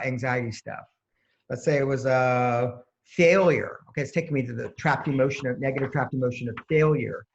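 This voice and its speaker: A man, a holistic energy practitioner, explaining his method step by step as an interview guest and acting out exchanges with clients. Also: mid-range voice. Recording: dull lo-fi sound.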